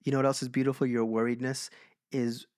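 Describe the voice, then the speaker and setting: A man co-hosting a podcast, telling stories in a casual chat and slowing down for emphasis. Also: medium pitch, no room sound, studio quality. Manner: animated storyteller, slows for emphasis. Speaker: podcast co-host.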